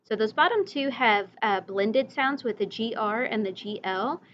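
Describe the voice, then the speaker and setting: A woman teacher giving a recorded reading lesson, slowly modeling vocabulary words and letter sounds for young children and their parents. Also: a little high, lively intonation, a bit bright, lo-fi sound, slight background noise.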